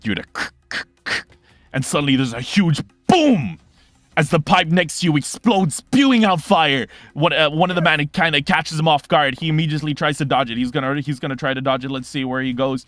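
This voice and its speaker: A young man running a tabletop game as game master, narrating in an animated, fast way with sound effects and quick restarts. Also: a little high, no echo, faint music behind.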